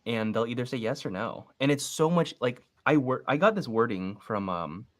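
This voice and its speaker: A man's voice: medium pitch, moderate pace. A young man on a casual coaching call, walking through his steps one at a time and acting out sample phone calls. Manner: relaxed, explains step by step and acts out sample phone calls. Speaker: real estate investing coach. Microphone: video call.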